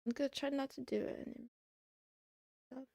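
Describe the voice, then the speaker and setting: Woman, mellow gravelly tone, casual livestream chatter, excitable, meows between remarks. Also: high-pitched, fairly quick, dry recording, studio quality. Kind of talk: casual chat to a live audience.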